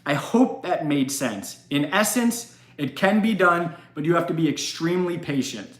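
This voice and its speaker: Man, live stream host, chatty, laughs a lot, fairly high voice, echoey room. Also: lively intonation, normal speed. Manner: chatty, laughs often, rambling. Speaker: livestream host. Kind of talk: casual live Q&A chat. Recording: roomy echo.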